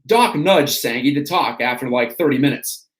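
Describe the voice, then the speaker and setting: A man hosting a stream, reading an autobiography aloud in a steady storytelling way. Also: medium pitch, moderate pace. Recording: roomy echo.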